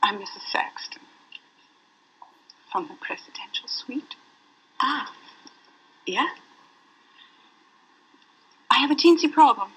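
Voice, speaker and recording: An actress playing a wealthy, fussy hotel guest who has lost her husband, talking in a flustered, halting way that trails off. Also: high voice, expressive, fairly bright tone, heavily acted, rough recording. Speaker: hotel guest in a language course video.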